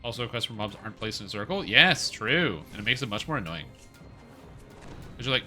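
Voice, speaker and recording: Bright-voiced chatty male streamer. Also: fairly low pitch, sing-song, a little fast, long pauses, faint music behind. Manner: chatty, jokey, explains as he plays. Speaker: game streamer. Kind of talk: casual gameplay commentary.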